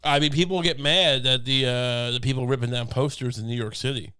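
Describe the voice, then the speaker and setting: A young man co-hosting a podcast, talking in a rambling, deadpan comic way with many restarts. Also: mid-range voice, a little fast, clean tone. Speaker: podcast co-host. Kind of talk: casual comedic chat. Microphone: studio podcast mic.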